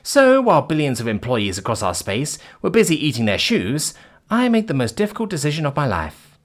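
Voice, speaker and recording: A man's voice: a little high, wildly swooping pitch, brisk, voice pushed up. A man voicing a brash, sarcastic female former corporate chief who theatrically mocks her captors in an audiobook story. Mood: smug lecturing. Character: brash witty female ex-CEO, mocking captors. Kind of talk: audiobook character voice.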